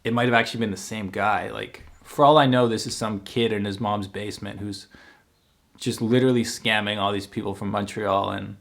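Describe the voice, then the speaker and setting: A young man vlogging, telling a personal story in a casual, animated way, acting out the quoted lines and using lots of fillers and restarts. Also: fairly low pitch, brisk, creaky.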